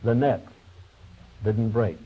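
A man's voice: lowish voice, slow, breathy edge. A man preaching a sermon, retelling a Bible story in a folksy, conversational way and voicing its figures with small shifts. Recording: dull lo-fi recording.

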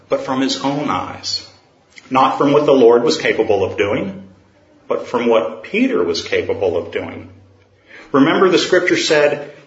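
Lively earnest male preacher. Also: mid-range voice. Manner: earnest, questioning and storytelling. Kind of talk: sermon. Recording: roomy, dull sound.

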